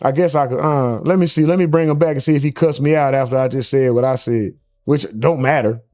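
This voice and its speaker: A man's voice: mid-range voice, brisk, a little mellow, no echo, studio quality, soft background music. A man hosting a live stream, chatting loosely with plenty of profanity and greeting viewers in the chat by name. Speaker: livestream host.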